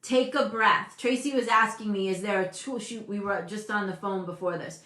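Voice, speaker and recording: A woman in her fifties hosting a casual motivational talk, animated and emphatic, often breaking off mid-sentence. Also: mid-range voice, moderate pace. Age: 50s. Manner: animated, emphatic, self-interrupting. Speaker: host. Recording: echoey room.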